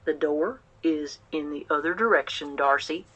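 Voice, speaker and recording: A woman narrator voicing an older small-town male doctor in an Oklahoma accent, giving brisk, fatherly instructions. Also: sits low, fairly bright tone, breathy edge, dull audio. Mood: brisk, kindly.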